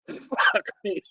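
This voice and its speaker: A man's voice: very high-pitched, bright, forceful tone, husky, no room sound, muffled recording. A man hosting a casual drinking video, laughing often and swearing as he jokes around. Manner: giggly, profane, keeps laughing at his own jokes. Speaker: beer and whiskey vlog host. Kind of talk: casual, rowdy drinking chat.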